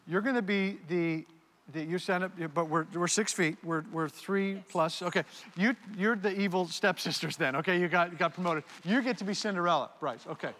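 A man's voice: high-pitched, normal speed, fairly bright tone. A man preaching a sermon, animatedly directing volunteers on stage. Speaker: pastor. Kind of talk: sermon with audience participation skit. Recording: long hall reverb.

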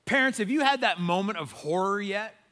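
A man preaching a sermon in a casual, animated, storytelling way, talking straight to parents. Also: sits high, brisk, in a large hall. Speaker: pastor.

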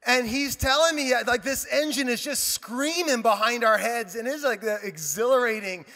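A male pastor preaching a sermon, telling a lively story with quoted dialogue and joking asides. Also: extremely high pitch, normal speed. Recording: reverberant hall.

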